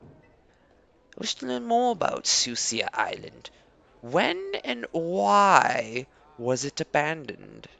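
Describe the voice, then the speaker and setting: A man's voice: on the high side, huge pitch swings, slow, creaky, pushed and bright, voice pushed down, full character voice. A man voicing the lazy young male shaper hero of a fantasy game, asking blunt questions. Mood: blunt curious.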